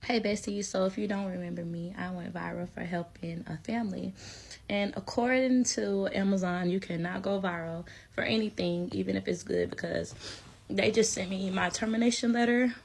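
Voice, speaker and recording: A woman's voice: mid-range voice, fairly even intonation, normal speed, creaky, darkish tone, slight background noise. An emotional woman speaking earnestly and directly to her followers. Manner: earnest, addresses viewers directly. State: emotional, upset.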